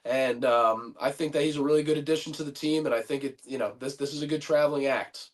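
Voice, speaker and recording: A man's voice: mid-range voice, steady tone, fast talker. A man guesting on a podcast, talking in easygoing casual chat with hesitant fillers. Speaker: wrestler guest.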